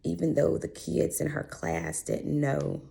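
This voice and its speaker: Low gravelly woman, heartfelt. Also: flat delivery, measured pace, warm tone. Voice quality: voice going in and out. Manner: heartfelt, chatty storytelling with quoted voices. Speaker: vlogger. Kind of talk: personal health vlog.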